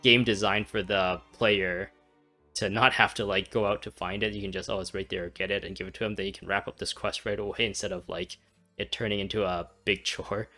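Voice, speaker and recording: A man casually commenting on a video game, chatty and quick to laugh, with plenty of fillers. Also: fairly low pitch, fairly even intonation, sharp tone, soft background music. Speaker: gaming channel host. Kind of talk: casual let's-play commentary.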